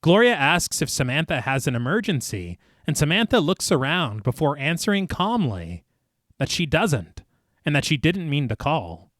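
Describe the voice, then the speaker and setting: A man's voice: a little high, moderate pace, no echo, studio quality. A man co-hosting a horror podcast, narrating a film's plot scene by scene. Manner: narrates plot at length, lively. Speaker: podcast co-host. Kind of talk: recapping a film plot.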